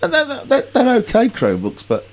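A man in a casual tech chat, his pitch swinging lively up and down. He rambles, doubling words and restarting sentences. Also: moderate pace, poor audio.

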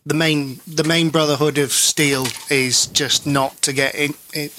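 Bright, slightly high man. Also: level tone, unhurried, a little hiss or hum. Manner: explains, hesitant with fillers. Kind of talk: casual gaming chat.

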